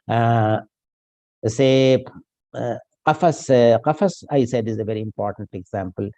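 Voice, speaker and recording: A man giving an academic lecture, reciting Urdu verse and explaining it slowly with pauses and fillers. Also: mid-range voice, steady tone, dark tone, no echo. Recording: dull lo-fi recording.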